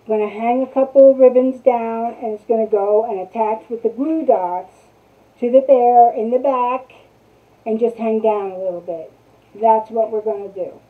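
Chatty woman on a tinny line. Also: a little high. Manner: chatty, greets viewers while working. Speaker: craft live-stream host. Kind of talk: casual craft tutorial live stream. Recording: tinny phone-like sound.

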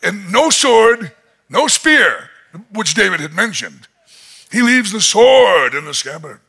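A male pastor preaching a sermon in an animated storytelling manner, chuckling often as he tells the story. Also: high voice, slow, creaky, slightly rough.

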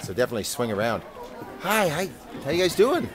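Playful, lively man at a crowded event. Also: fairly high pitch, fairly quick. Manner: upbeat, playful banter with kids in costume. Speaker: roving host greeting trick-or-treaters. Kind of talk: on-the-spot event coverage. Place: busy theatre at a Halloween event. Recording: crowd chatter behind.

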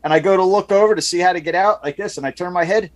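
A man's voice: high-pitched, very fast, dry recording. A man co-hosting a podcast, joking crudely and laughing a lot in casual banter. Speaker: podcast co-host.

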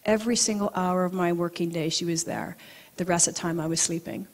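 This acupuncturist speaks fairly quickly in a fairly low voice as she shares a personal story in her talk. She's lively and quick to laugh, occasionally going soft and quiet for emphasis.

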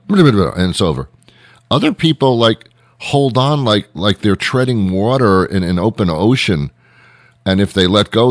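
A man's voice: fairly low pitch, dry recording, studio quality. A man hosting a radio show, rambling through a comedic monologue with sarcasm, acting out little scenes and laughing often.

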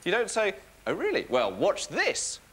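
A man's voice: mid-range voice, sing-song, moderate pace, close to an everyday voice. A man playing a wry, rambling insomniac. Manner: rambling, self-mocking, wry. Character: neurotic sleepless young man, wry and rambling. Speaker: sitcom lead. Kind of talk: comic monologue and dialogue. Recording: noisy TV broadcast recording.

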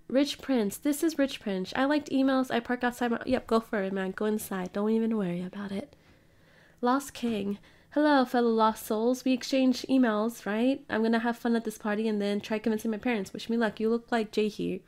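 A woman's voice: fairly high pitch, fairly quick, a little mellow. A woman streamer casually playing through a story game, reading the characters' chat lines aloud and joking between them. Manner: playful, giggly, reads character lines in her own voice. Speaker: gaming streamer. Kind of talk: casual let's-play commentary, reading game dialogue aloud.

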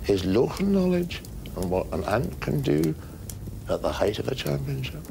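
A man playing an eccentric, boastful Scottish golf coach with a Scottish accent, rambling deadpan through his memories in a comic monologue. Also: mid-range voice, normal speed, vocal fry, noisy background. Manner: deadpan rambling reminiscence with dry asides.

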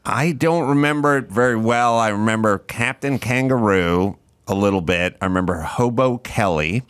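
A man's voice: moderate pace, clear, resonant tone. A man hosting a casual talk show, ranting and telling stories with a lot of emphasis. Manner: lively, rants with big pitch swings. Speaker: podcast host. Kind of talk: casual chat.

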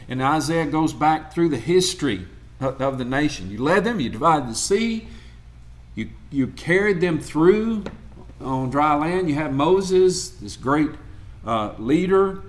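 A man preaching a sermon in a church, reading scripture aloud in an earnest, measured way. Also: fairly high pitch.

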